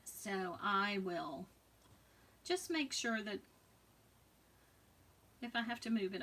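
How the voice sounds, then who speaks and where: Unhurried woman crafter, chatty with soft asides; distant mic. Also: medium pitch. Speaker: crafting demo host. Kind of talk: live crafting demonstration.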